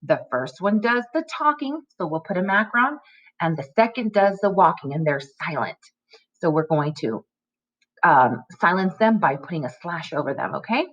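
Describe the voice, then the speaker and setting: A woman teacher giving a phonics lesson to young children, slowly sounding out words and letters. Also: lowish voice, lively intonation, fairly bright tone, lo-fi sound. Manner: slow, clearly sounded-out teaching voice.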